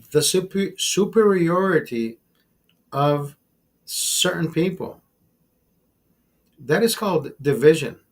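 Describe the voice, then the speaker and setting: Heated, profane man ranting to his chat. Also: fairly high pitch. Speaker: livestream host. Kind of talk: casual talk to a live chat.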